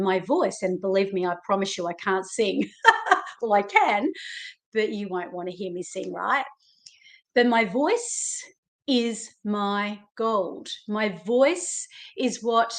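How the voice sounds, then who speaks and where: An Australian woman coach giving an emphatic, animated motivational talk, speaking directly to the listener. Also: medium pitch. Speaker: self-help coach.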